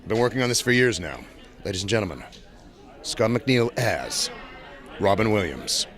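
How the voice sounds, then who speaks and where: A man's voice: fairly low pitch, very animated, moderate pace, fairly bright tone, some chatter behind. Man, voice actor, wildly swooping delivery, manic, slips into silly voices. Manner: manic, jumps into silly voices mid-sentence. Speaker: voice actor guest. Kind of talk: convention interview. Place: convention. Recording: outdoor convention recording.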